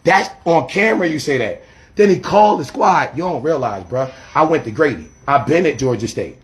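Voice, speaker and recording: A man, a street preacher arguing defensively outdoors by a church, talking fast and repeating himself, filmed on a handheld phone. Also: a little high, lively intonation. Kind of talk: heated confrontational street talk. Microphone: handheld phone camera.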